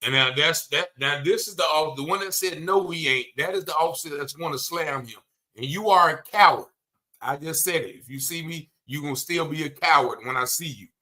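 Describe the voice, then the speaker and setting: A man's voice: fairly high pitch, a little fast, sharp tone. A man commenting on a video, emphatic and blunt, repeating his points with indignation.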